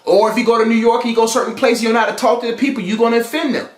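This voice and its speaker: High-voiced man preaching relationship advice. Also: steady tone, very fast. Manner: preachy, repeats phrases for emphasis. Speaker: podcast host. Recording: echoey room.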